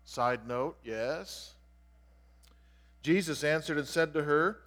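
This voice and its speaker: A man's voice: on the high side, takes it slowly, long pauses, a bit bright. A man preaching an explanatory sermon in an earnest way, stressing key words as he teaches. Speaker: pastor. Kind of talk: expository sermon. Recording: long reverb of a large hall.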